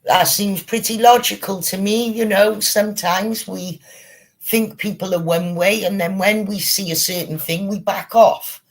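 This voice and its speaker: A man hosting a livestream, telling stories in a casual, animated way with plenty of swearing. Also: high voice, a little slow. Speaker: streamer host.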